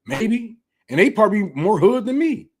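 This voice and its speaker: A man's voice: high-pitched, very animated, moderate pace. A man from Detroit hosting a casual livestream, talking bluntly and heatedly with lots of profanity. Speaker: livestream host.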